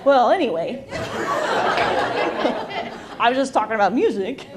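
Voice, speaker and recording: A woman's voice: a little high, animated, measured pace. A woman from Utah doing a self-deprecating stand-up comedy set on a club stage, teasing the audience. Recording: live club with loud crowd noise.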